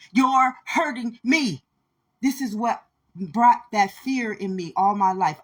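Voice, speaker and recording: A woman's voice: mid-range voice, husky. A woman giving an impassioned spiritual monologue, speaking intensely and repeating her points as she addresses listeners directly.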